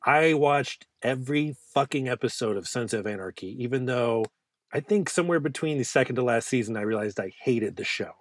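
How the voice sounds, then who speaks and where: A man's voice: medium pitch, animated, a little fast, no room sound. Male co-host: loose, swearing banter about films, medium voice, dry close mic. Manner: joking, rambling, swears freely. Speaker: podcast co-host. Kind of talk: casual movie-review chat.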